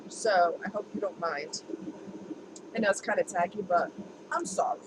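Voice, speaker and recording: A woman's voice: mid-range voice, very animated, moderate pace. A woman vlogging casually to camera, talking candidly and laughing easily as she shares her experiences. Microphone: camera mic. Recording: home video with noticeable background noise.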